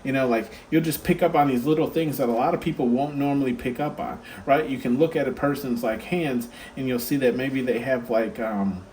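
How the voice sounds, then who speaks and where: A man's voice: mid-range voice, brisk, hardly any pauses, darkish tone, a little hiss or hum. A man giving a casual pick-a-card tarot reading, rambling and chatty with lots of fillers and asides.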